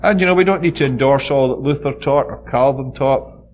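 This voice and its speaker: A man's voice: mid-range voice, brisk, lo-fi sound, a little hiss or hum. A man giving a conversational Bible study, leaning hard on key words and often saying "you know". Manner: informal, frequent "you know", stresses key words emphatically.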